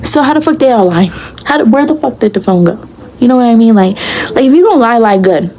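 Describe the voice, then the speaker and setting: A young woman telling a storytime to her viewers in a casual, blunt, profane and animated way. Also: fairly high pitch, quick pace, a little hiss or hum, poor audio. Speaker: vlogger.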